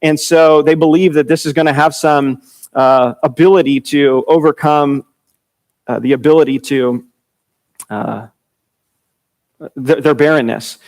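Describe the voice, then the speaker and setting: A male pastor teaching from scripture in a relaxed, conversational sermon. His voice sits a little high for a man. He often chuckles and breaks off to restart his sentences. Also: unhurried, long pauses. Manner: informal, chuckling, frequent fillers and restarts.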